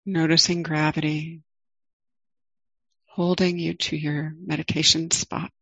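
A middle-aged woman leading a guided meditation, speaking calmly and gently with long pauses. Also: deep voice, breathy edge, dry recording, poor audio. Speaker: meditation teacher.

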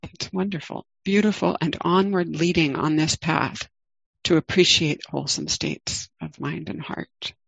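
A middle-aged woman leading a guided meditation, speaking calmly and gently with long pauses. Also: low voice, creaky, no echo, lo-fi sound. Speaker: meditation teacher.

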